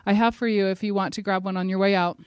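A middle-aged woman gives a devotional talk at a church gathering. She speaks earnestly and presses her points with building force. Her voice sits at an ordinary pitch and is recorded dry, with almost no room sound. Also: fairly even intonation, quick pace, smooth, no echo. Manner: earnest and emphatic, rising to forceful exhortation.

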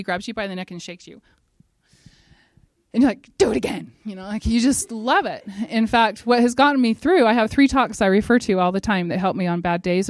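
Animated woman giving a devotional talk. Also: mid-range voice, no room sound, clean studio sound. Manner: animated storyteller who acts out quotes and speaks directly to her listeners. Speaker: devotional speaker. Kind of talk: religious devotional talk with personal story.

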